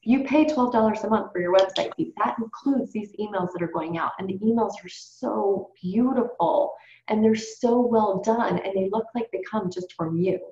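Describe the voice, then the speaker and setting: A woman's voice: mid-range voice, a little mellow, slight background noise. A woman leading a sales team training call, coaching in an upbeat, chatty way and addressing the group directly. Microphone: call or webinar. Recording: roomy, dull conference call audio.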